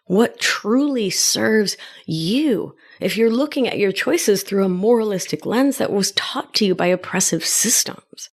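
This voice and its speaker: A woman from Argentina whose first language is Spanish, hosting a reflective wellness podcast in a gentle, unhurried way and sometimes dropping to a whisper for emphasis. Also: fairly low pitch, creaky. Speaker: podcast host and life coach.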